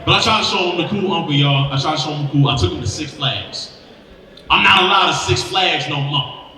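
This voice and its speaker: Bright-voiced man doing stand-up in a hall. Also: on the high side, fairly quick, recorded from a distance. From Milwaukee. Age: 30s. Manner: animated storytelling with acted-out voices. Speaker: stand-up comedian. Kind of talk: stand-up comedy set. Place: stage in a large hall. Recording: echoey hall, mic heard from afar.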